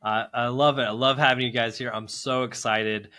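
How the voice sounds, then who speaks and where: A man hosts a podcast with plenty of enthusiasm. His voice has a bright, forceful edge. He speaks at a medium pitch. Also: fairly even intonation, normal speed. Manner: enthusiastic and effusive. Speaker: podcast host. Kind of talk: upbeat podcast hosting.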